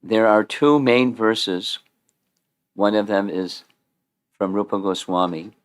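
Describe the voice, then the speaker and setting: A man's voice: lowish voice, slow pace. A man giving an informal scripture class in a temple, chatty, quizzing his listeners and often restarting his sentences. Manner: conversational, quizzes the audience, repeats and restarts. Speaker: spiritual teacher giving a class.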